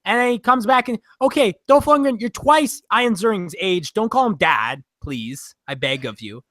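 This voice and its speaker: A man's voice: high voice, normal speed, no echo, clean studio sound. A man co-hosting a casual movie review podcast, swearing freely and acting out scenes from the films. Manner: animated, swears, acts out scenes in voices. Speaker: podcast co-host.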